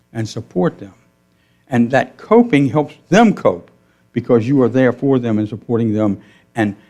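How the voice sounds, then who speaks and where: A middle-aged man delivers a sermon in a church, talking gently and conversationally to his congregation. His pitch rises and falls in a lively way as he asks questions and tells stories, acting out both sides of a conversation. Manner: gentle storytelling with quoted dialogue. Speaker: minister. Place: church sanctuary.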